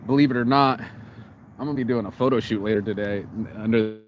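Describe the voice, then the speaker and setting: A man's voice: on the low side, quick pace, a little hiss or hum. An American man vlogging outdoors in the cold, talking casually in a rambling, profane way with many restarts and repeated words. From United States. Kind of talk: casual vlog monologue.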